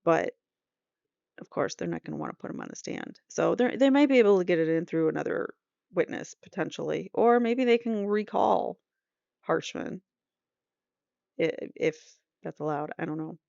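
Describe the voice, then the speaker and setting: Woman host, low gravelly voice, casual true-crime recap with asides; dry, muffled home recording. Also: animated, normal speed, darkish tone, no room sound. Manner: conversational, reads quotes aloud, trails off into asides. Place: home room.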